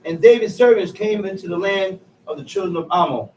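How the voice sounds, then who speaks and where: A man's voice: high-pitched, fairly quick, a little hiss or hum. Man reading scripture in an echoey room. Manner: steady, formal reading of old-fashioned verse. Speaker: scripture reader. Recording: echoey room, mic set far off.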